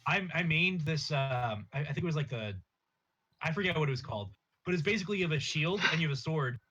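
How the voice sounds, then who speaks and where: Relaxed man, muffled lo-fi audio. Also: fairly high pitch, fast talker, slightly rough. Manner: relaxed, hesitant with many fillers. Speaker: podcast co-host. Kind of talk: casual gaming chat. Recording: dull lo-fi sound.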